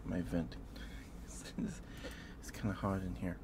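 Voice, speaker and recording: A man chatting casually on an ASMR livestream, a little out of breath from a full stomach, halting and repeating himself as he fondly greets his viewers. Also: low voice, flat delivery, vocal fry, background noise. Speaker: ASMR streamer.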